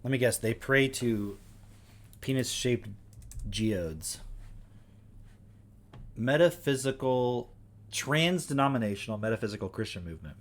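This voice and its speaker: A man's voice: medium pitch, expressive, a little slow, pauses often. A man hosting a live stream who reacts to a video with crude, joking asides in a casual tone. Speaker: streamer host.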